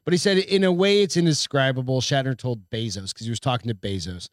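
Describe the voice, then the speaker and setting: A man's voice: mid-range voice, quick pace, no room sound, studio quality. Foul-mouthed man on a casual podcast. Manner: profane, loose and joking. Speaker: podcast co-host. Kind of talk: casual chat, reading news aloud.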